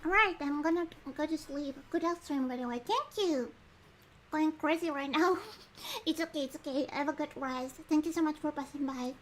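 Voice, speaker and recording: A woman's voice: high voice, moderate pace, a little hiss or hum. A woman streamer chatting casually and giggling while she reads a game aloud between bites of dinner. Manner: chatty and giggly, eating and talking with food breaks.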